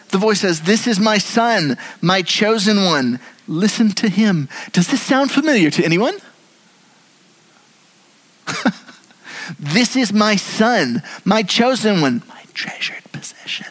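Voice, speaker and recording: A man preaching a sermon as pastor in a church, moving between hushed and animated delivery. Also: on the high side, low-quality recording. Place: church sanctuary.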